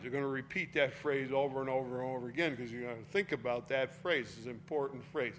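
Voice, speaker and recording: A man's voice: medium pitch, brisk, hardly any pauses, a little hiss or hum. A man teaching a Bible study, explaining a passage in a casual, chatty way with an occasional laugh. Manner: casual explaining, reading scripture aloud with force.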